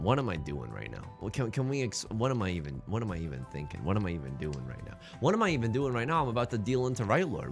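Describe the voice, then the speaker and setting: A man's voice: mid-range voice, fairly bright tone. A young man streaming a game, rambling in a goofy, jokey way as he plays. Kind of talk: casual game commentary.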